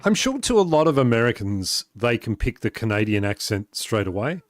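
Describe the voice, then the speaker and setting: A man chatting easily through a live game stream, reading messages aloud and laughing often between tasks. His voice sits at an ordinary middle pitch. The sound is dry and close, with no room echo. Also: very animated, normal speed. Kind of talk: casual live-stream chat while playing.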